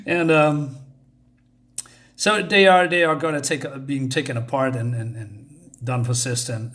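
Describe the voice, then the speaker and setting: A man's voice: medium pitch, slow, fairly bright tone. A man casually reviewing a comic book, searching for words with many fillers and restarts.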